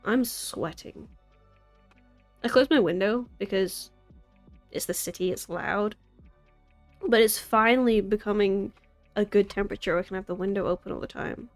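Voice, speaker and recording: A woman's voice: medium pitch, moderate pace, long pauses, faint music behind. A young American woman in her twenties, chatting casually on a live stream from her city apartment, rambling and giggling at herself. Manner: rambling, giggly, self-deprecating. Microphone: desk mic.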